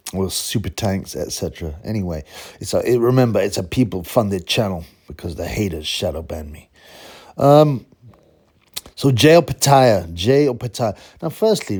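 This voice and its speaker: A man's voice: fairly low pitch, a little mellow, breathy edge. A man hosting a solo boxing channel, rambling casually and getting exasperated at his critics. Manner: rambling, exasperated, mocks critics in put-on voices.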